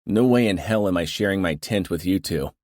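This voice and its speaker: A man's voice: low voice, fairly quick, darkish tone, no echo, clean studio sound, lightly acted. A man voicing a proud, serious young mafia heir who speaks earnestly and a bit indignantly. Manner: earnest, indignant, matter-of-fact.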